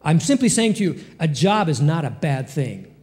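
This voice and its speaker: Male pastor, animated sermon delivery, slightly raised pitch, church hall reverb. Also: moderate pace. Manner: lively preaching with sudden pitch jumps and rhetorical questions. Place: church sanctuary.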